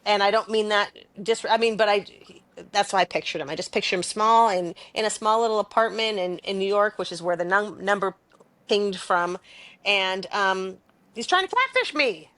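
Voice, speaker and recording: A woman's voice: medium pitch, normal speed, no room sound. Chatty woman telling a story. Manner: animated, chatty, laughs often. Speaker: podcast co-host. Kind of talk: casual storytelling chat.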